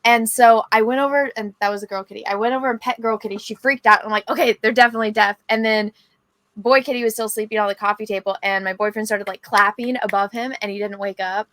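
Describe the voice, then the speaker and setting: A woman co-hosting a podcast, chatting casually and telling an animated story with excited asides. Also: mid-range voice, fast. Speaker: podcast co-host. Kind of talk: casual chat.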